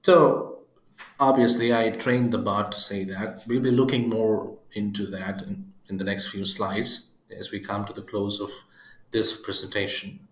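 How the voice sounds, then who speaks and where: Slow, joking man demoing software. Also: fairly low pitch, level tone, echoey room. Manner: jokey, chuckling asides. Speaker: software presenter. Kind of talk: screen-recorded product demo.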